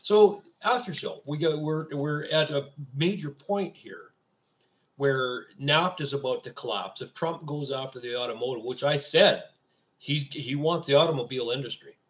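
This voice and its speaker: A man's voice: mid-range voice, moderate pace, a bit bright. A man hosting his own show, from Canada, giving an indignant, sarcastic political rant. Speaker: radio show host. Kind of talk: political commentary monologue.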